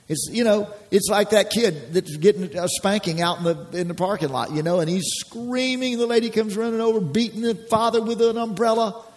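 Male preacher with a high voice, folksy sermon delivery that acts out scenes and works the crowd.

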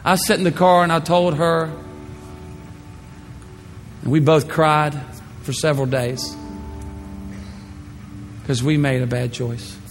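A man pastor telling a personal story in a sermon, animated, swinging from hushed to loud. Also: on the high side, slow pace, pauses often. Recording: echoey hall with faint music.

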